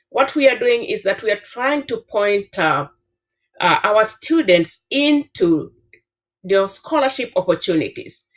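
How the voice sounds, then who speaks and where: Kenyan woman in her fifties advising. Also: mid-range voice. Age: 50s. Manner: earnest, advising, many filler uhs. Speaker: professor. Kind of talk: panel discussion answer.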